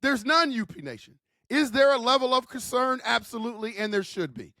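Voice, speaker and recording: A man's voice: very high voice, lively intonation, brisk, pushed and bright, no echo, clean studio sound. A man hosting his own football channel, giving fired-up, emphatic opinions in a casual slangy way and repeating his points. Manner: casual slangy talk, calls listeners man. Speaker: sports channel host. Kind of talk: opinionated football commentary vlog.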